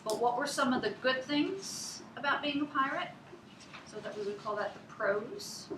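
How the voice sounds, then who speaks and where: A woman's voice: sits high, expressive, moderate pace, noisy background. A woman teacher giving a one-on-one reading lesson, explaining things patiently, step by step. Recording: echoey room.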